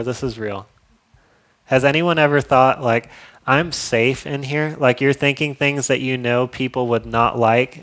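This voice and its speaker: A young man preaching a casual, conversational sermon, upbeat and then dropping to a soft prayerful tone. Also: medium pitch. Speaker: pastor.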